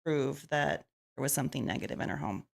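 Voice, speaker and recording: Woman guest, low voice, animated storyteller who acts out quotes. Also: fairly quick, gravelly, breathy edge. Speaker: paranormal investigator guest. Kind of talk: casual interview storytelling.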